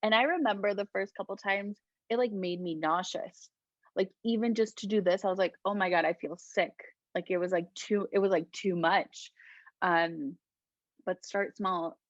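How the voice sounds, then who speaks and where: A woman from Colombia, a guest healer, talking gently and reflectively in a casual interview, often laughing. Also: mid-range voice, normal speed, no room sound, lo-fi sound.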